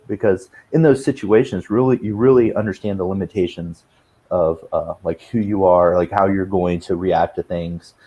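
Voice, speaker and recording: A man with a very low, dark voice gives advice on a panel. He rambles loosely, leaning on fillers and checking in with "right?" between thoughts. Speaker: webinar panelist. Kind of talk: conversational advice talk.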